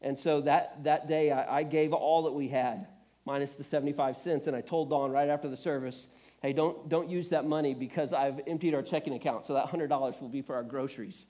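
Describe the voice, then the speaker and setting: A man's voice: a little high, fairly even intonation, fairly quick, mellow. A middle-aged man preaching a sermon, telling stories earnestly with self-deprecating humor, choked up and tearful. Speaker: pastor.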